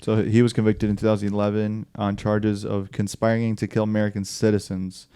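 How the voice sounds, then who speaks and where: Male podcast co-host, low and smooth, casual and profane storyteller. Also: monotone, a little fast, mellow, dry recording, clean studio sound. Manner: loose and profane, acts out quoted people. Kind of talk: casual chat. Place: Wisconsin.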